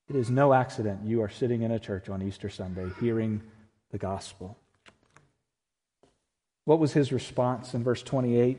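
A man preaching an Easter sermon as pastor, emphatic, swinging between loud emphasis and hushed, intimate passages. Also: medium pitch. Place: church sanctuary. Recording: long church reverb.

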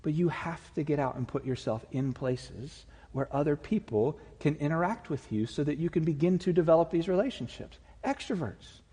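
A man's voice: fairly high pitch, lively intonation, normal speed, hardly any pauses, dark tone, husky. A man preaching a sermon as pastor in a church, earnest and conversational with touches of humor. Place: church sanctuary. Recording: reverberant church hall.

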